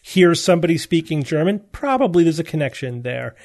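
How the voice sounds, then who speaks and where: Chatty man, fairly high voice. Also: lively intonation, a little fast, darkish tone. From United States. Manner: chatty storytelling with restarts. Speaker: podcast host. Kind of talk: casual chat.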